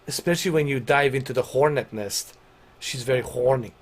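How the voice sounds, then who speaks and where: A male game streamer talking loosely over his stream, rambling from one thing to the next with plenty of swearing and bursts of laughter. His pitch sits in an ordinary middle range, and he leans hard into emphatic declarations. A faint background hum runs under his voice. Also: fairly quick. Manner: rambling, profane, laughs often; excited and emphatic. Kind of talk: casual livestream chat.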